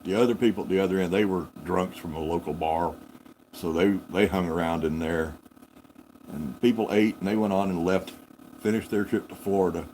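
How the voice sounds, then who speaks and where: A fairly low-voiced man spins a folksy, rambling yarn on a live farm stream. He corrects himself as he goes, unhurried and homespun. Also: a little mellow, slight background noise, rough recording. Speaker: farm channel host.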